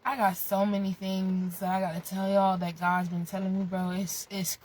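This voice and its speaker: A woman's voice: mid-range voice, normal speed, slight background noise, low-quality recording. A young woman vlogger giving a blunt, profane motivational rant in casual chat. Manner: profane, blunt, animated with bursts of laughter.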